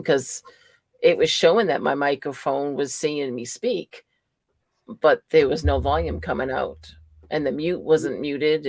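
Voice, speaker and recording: A woman's voice: sits low, vocal fry, no room sound. An American woman co-hosting a live stream in casual chat over a video call, laughing often. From United States. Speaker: livestream co-host.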